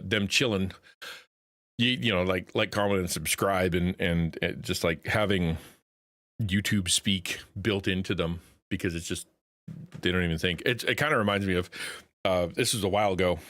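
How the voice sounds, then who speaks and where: A man streaming and chatting casually, rambling with restarts and quick laughs. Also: low voice, sharp tone, no echo, clean studio sound. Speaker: streamer and Christian content creator. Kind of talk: casual live-stream chat.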